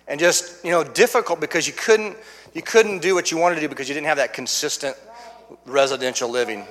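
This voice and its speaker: A middle-aged man, a guest pastor, telling his testimony in a folksy sermon, restarting phrases and swinging from hushed to loud. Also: fairly high pitch, fairly quick. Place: church sanctuary. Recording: long reverb of a church hall.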